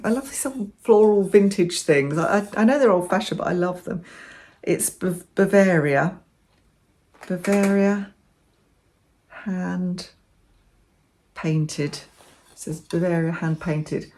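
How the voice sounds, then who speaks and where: A woman's voice: on the low side, moderate pace, dark tone. A middle-aged woman chatting enthusiastically as she shows off her bargain finds in a casual vlog. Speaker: vlogger. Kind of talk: casual show-and-tell chat.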